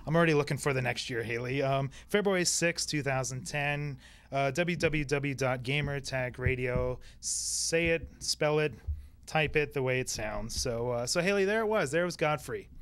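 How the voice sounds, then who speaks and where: A man's voice: fairly high pitch, normal speed, a bit bright, clean tone. A man with a Brooklyn accent hosting a live gaming show in an upbeat, joking way. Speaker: host. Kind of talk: live web show chat.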